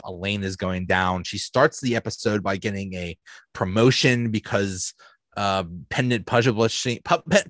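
A man's voice: lowish voice, fairly bright tone, no echo. A man hosting a podcast, recapping a favorite episode enthusiastically and rambling with restarts. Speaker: podcast host. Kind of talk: casual episode review.

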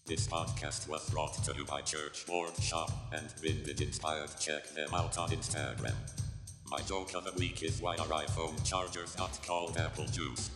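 A man reading a sponsor thanks and a joke in a slow, exaggeratedly deep put-on voice. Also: fairly even intonation. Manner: slow, mock-deep sign-off voice. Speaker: podcast host reading sponsor outro. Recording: reverberant hall with music behind.

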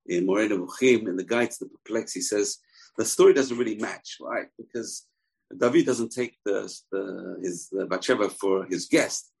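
A man's voice: lowish voice, creaky, breathy edge, rough recording. A man teaching a Torah lecture emphatically, posing questions and answering them himself. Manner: emphatic, asks and answers his own questions. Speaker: religious teacher.

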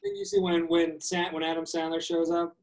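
A man's voice: on the high side, huge pitch swings, fairly quick, a little mellow, rough recording. A man co-hosting a casual chat, talking at length and reflecting on his points.

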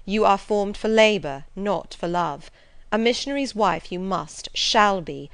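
A woman's voice: mid-range voice, lively intonation, a little slow, gravelly, no room sound. A woman reading the part of a stern, zealous male missionary in an audiobook, speaking in a solemn, insistent, preaching way. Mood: commanding, insistent.

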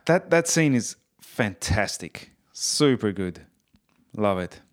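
A man's voice: fairly low pitch, big pitch swings, takes it slowly. A man and musician giving a casual, enthusiastic spoken review, rambling with fillers and restarts.

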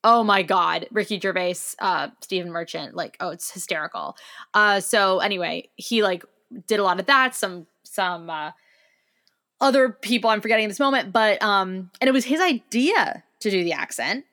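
A woman's voice: mid-range voice, moderate pace, pushed and bright. A woman co-hosting a podcast in casual chat, enthusiastic and talkative, with many fillers and restarts. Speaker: podcast co-host.

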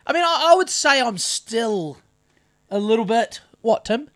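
A man's voice: extremely high pitch, expressive, fairly bright tone. A middle-aged man with a New Zealand accent, co-hosting a casual podcast chat, rambling and restarting his sentences often. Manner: rambling, halting, many restarts. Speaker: podcast co-host.

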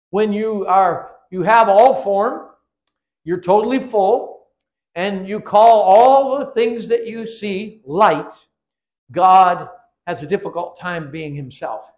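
A man's voice: high voice, animated, slow pace, pauses often, darkish tone. An older man preaching a sermon in a church, emphatic and repetitive, weaving in his own life story. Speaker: guest preacher.

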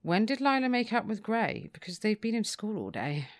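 A woman's voice: medium pitch, big pitch swings, moderate pace, dry recording, clean studio sound. A woman co-hosting a casual podcast, retelling a book's plot and laughing often. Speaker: podcast co-host. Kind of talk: casual chat recapping a book.

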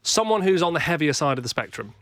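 A man's voice: a little high, sing-song, quick pace, a bit bright, no echo. A British man hosting a comedy podcast, delivering his bits dry and mock-formal. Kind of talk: deadpan comedy bit.

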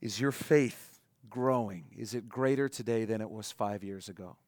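Earnest pastor preaching, dry close sound. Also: male voice, fairly low pitch, dry recording. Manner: earnest, slows and softens on key points. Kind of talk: sermon.

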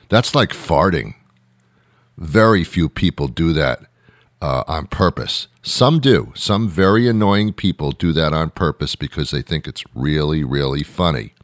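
Very deep-voiced rambling male host. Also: no echo, studio quality. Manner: wry, meandering, laughs at own jokes. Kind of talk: rambling monologue.

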